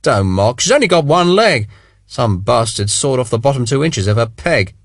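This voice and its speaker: A man's voice: mid-range voice, expressive, moderate pace, dry recording, studio quality, close to an everyday voice. A man reading an audiobook, voicing a blunt, evasive soldier in short, clipped replies. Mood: guarded. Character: terse, guarded soldier, blunt and dry. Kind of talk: audiobook character voice.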